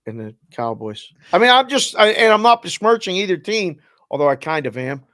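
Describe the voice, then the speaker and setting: A man's voice: sits high, very animated, a little fast, fairly bright tone, no room sound. A man co-hosting a casual sports betting show, teasing his partner with dry wit. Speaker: co-host.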